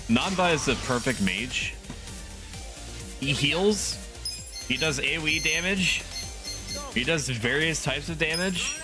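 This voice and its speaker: Rambling man streaming over game music. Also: medium pitch. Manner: rambling, self-deprecating, chuckling asides. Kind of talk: casual gaming stream commentary.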